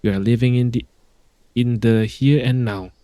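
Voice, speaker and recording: A man's voice: medium pitch, fairly even intonation, normal speed, warm tone, dry recording, lightly acted. A man voicing a loyal young game hero, reading the lines in an earnest, emphatic way. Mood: defiant. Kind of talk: reading game dialogue aloud.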